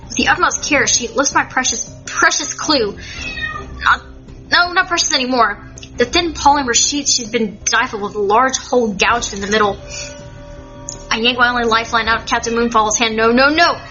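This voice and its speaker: A woman narrates a story aloud in first person, dramatic and indignant. Her voice is high and bright, and the recording is slightly dull with faint music underneath. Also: moderate pace. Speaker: audiobook reader.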